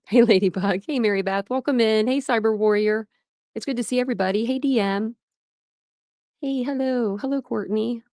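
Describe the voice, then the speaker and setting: A woman's voice: on the high side, normal speed, a little mellow, no echo, studio quality. Chatty woman hosting a livestream. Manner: chatty, laughs often, greets chat by name. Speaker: livestream host. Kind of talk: casual livestream chat. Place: home.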